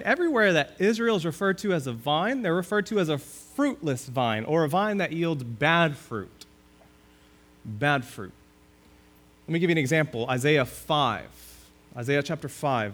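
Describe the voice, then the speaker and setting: A man with a notably high voice delivers a sermon as a pastor. He reads scripture slowly and deliberately, stressing key words before dropping to a hush. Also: lively intonation. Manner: preaching with strong emphasis, dropping to a hush on key phrases.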